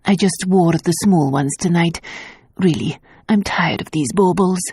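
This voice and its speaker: A woman reading the part of a vain aristocratic mother fond of jewels, speaking slowly and coquettishly. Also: fairly low pitch, dark tone, slightly rough, no room sound, studio quality, exaggerated voice. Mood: insistent.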